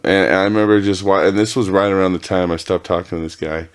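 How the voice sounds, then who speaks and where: Male podcast host, 30s, low voice, loose and profane solo storytelling that keeps restarting. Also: fairly even intonation, fast. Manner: rambling, profane, self-interrupting. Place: home with dogs.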